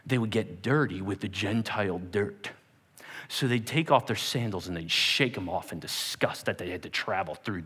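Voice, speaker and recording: A pastor in his forties preaches in a high, highly animated voice. He tells jokey stories and acts out quotes, swinging between loud bursts and hushed asides. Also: slightly rough, in a large hall. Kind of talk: lively sermon with acted-out quotes.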